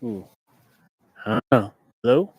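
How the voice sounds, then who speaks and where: A man's voice: mid-range voice, lively intonation, unhurried, slightly rough, no echo. Laid-back young man, dry close sound. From California. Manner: laid-back, reading viewer comments aloud. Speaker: livestream host. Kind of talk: casual livestream chat. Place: inside a parked car. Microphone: clip-on mic.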